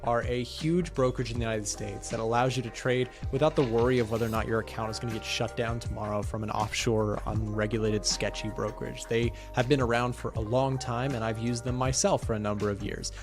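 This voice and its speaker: A man host doing a brisk, persuasive sponsor read for a live stream. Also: medium pitch, steady tone. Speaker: host reading a sponsor message. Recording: music playing behind the voice.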